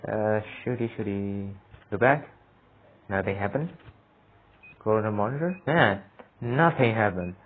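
A man's voice: fairly low pitch, a little slow, pauses often. A man commentating his own horror game play, talking to himself, laughing and yelping when startled. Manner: excitable, yelps and laughs at scares, talks to himself. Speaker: gamer playing a horror game. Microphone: phone mic. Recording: tinny phone-like sound.

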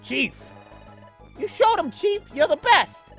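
A high, squeaky gang lackey jeers at others and toadies to his boss, as a man plays him. His voice leaps about wildly in pitch. Faint music hums underneath. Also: very animated, slow pace, fairly bright tone, heavily acted. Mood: fawning. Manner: sneering, fawning.

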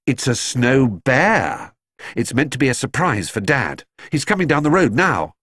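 A man voicing an excitable schoolboy who groans and exclaims in a storybook reading. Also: mid-range voice, brisk, no echo, studio quality, pitched above the performer's own voice. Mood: dramatic. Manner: dramatic, groaning.

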